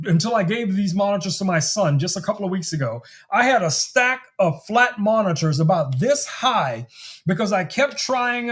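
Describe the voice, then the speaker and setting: A man hosts a relaxed tech livestream and pitches gadgets to his viewers in a chatty, salesy way. His voice sits high for a man, and he talks straight to the people watching. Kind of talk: casual product demo livestream.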